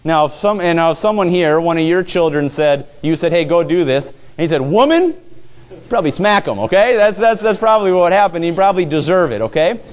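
A man delivering a sermon with a slightly high-pitched voice. He talks conversationally, asking the congregation questions and often repeating words before finishing a thought. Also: fast, hardly any pauses, clear, resonant tone. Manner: frequent stumbles and repetitions. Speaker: preacher.

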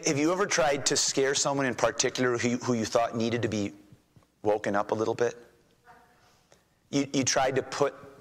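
A man preaching a sermon as a pastor, emphatic, rising in pitch and volume when he reads scripture aloud. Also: a bit bright, big-room sound, low-quality recording.

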